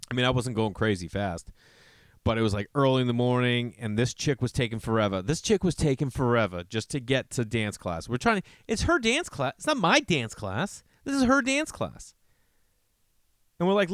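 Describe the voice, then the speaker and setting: Podcast host, male: animated, swearing storyteller who jumps into quoted voices, close and dry sound. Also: vocal fry, dry recording. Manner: animated, profane, acts out quotes in a higher voice. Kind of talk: rambling comedic storytelling.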